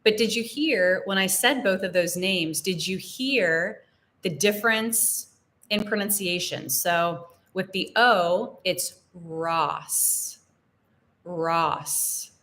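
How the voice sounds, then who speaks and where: A young American woman teaching English in a live Q&A, explaining phrases slowly and repeating examples. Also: mid-range voice, a bit bright. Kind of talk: live-stream Q&A lesson.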